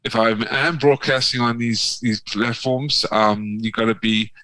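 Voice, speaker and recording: A man's voice: mid-range voice, steady tone, measured pace, bright, forceful tone, no echo, poor audio. A man talking as a podcast guest in casual chat, rambling and fervent, with many restarts and sarcastic asides.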